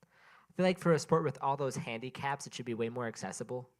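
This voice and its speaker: The same sleep-deprived comic, now brisk and medium-pitched, keeps rambling through his open-mic set in the small room. He cuts himself off mid-thought and stops to talk with the audience.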